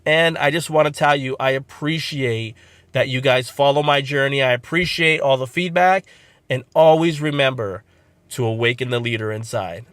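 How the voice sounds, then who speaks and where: A man's voice: medium pitch, moderate pace, a bit bright, no room sound. A man with a cold and a congested voice, hosting a motivational podcast and giving an earnest, encouraging talk to camera with many fillers. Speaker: podcast host.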